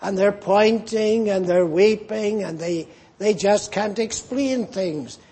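A man preaching a sermon in a slow, earnest manner that rises as it builds. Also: high voice, warm tone, husky.

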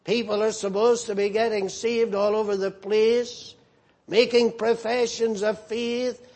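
A man preaching an evening sermon, earnest and solemn, swinging from emphatic lines to hushed ones. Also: sits high, flat delivery, measured pace.

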